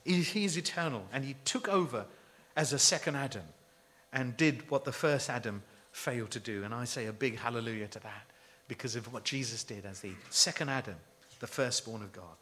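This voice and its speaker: A man's voice: mid-range voice, a little fast, a bit bright. A man preaching a sermon, emphatic and full of rhetorical questions to his listeners.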